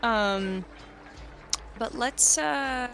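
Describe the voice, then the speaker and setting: A woman's voice: on the high side, very slow, gravelly, a bit bright, faint music behind. A young woman in a casual, laughing way leading a tabletop game as game master. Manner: casual, laughing, loose with fillers. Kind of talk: running a tabletop game session.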